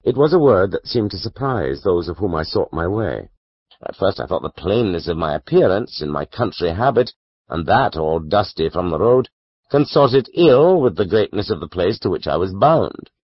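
A man narrating a classic novel as an audiobook, measured and expressive. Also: sits low, slightly rough, no echo, dull audio.

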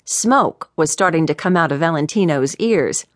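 A woman narrating a mystery audiobook in an expressive, animated way. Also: low voice, moderate pace, few pauses, dry recording, studio quality.

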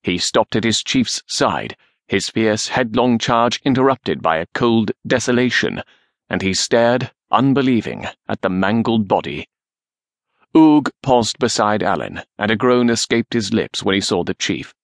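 A man narrating a historical novel in a measured, steady reading. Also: on the low side, creaky, dry recording, clean studio sound. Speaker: audiobook narrator.

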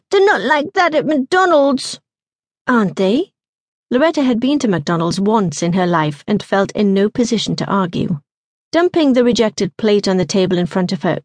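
A woman narrates a suspense novel in a measured, even way. Her voice sits at a middling pitch, and the studio sound is dry and close with no room echo. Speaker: audiobook narrator. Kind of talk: scripted narration.

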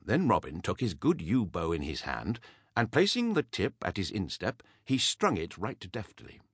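A man reading an old adventure tale aloud in expressive storytelling narration. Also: low-pitched, normal speed, slightly rough, dry recording, studio quality. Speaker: audiobook narrator. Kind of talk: scripted narration.

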